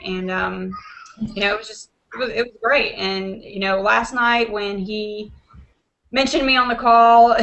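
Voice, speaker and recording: A woman hosting a video call from her home desk, telling an excited story full of "you know" and acted-out quotes. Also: mid-range voice, vocal fry, poor audio. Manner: animated, acts out quotes, many fillers like "you know". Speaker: host of an online video hangout.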